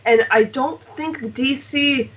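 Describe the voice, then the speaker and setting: A woman's voice: high-pitched, slow. A woman hosting a casual panel chat over a video call, giving emphatic opinions with many fillers. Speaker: host. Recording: distant, dull lo-fi mic.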